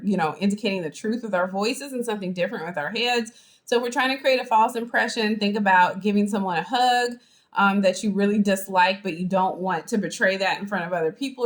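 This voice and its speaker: A woman instructor with a mid-range voice lectures to a live online class. She is chatty and animated and keeps acting out little examples. The sound comes through a video-call microphone. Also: mid-range voice. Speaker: college instructor.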